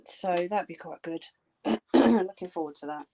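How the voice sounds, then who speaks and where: A woman's voice: fairly low pitch, a little slow, dark tone, slightly rough. A woman chatting casually with viewers on a craft livestream. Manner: chatty, talks to viewers in the chat.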